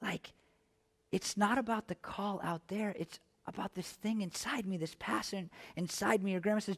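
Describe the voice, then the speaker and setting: Chatty pastor preaching in an echoing hall. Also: male voice, sits high, moderate pace. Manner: chatty and self-deprecating, building to loud impassioned stretches. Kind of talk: sermon. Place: church sanctuary.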